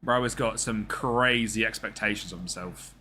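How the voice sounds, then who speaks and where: A man's voice: fairly low pitch, moderate pace, bright, forceful tone, slight background noise. A man giving casual, slangy gameplay commentary and talking back to the characters on screen. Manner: chatty, slangy, talks to the game characters. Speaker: gaming streamer.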